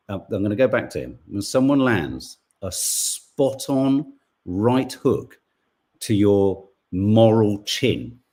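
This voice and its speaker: A man's voice: lowish voice, darkish tone. A man hosting a podcast, giving indignant, sweary political commentary. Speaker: podcast co-host.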